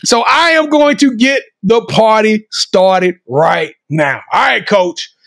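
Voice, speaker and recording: A man's voice: high voice, takes it slowly, gravelly, a bit bright, no echo. A man hosting a sports talk show, hyped up and running a game-show style segment. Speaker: podcast host. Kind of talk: casual interview hosting.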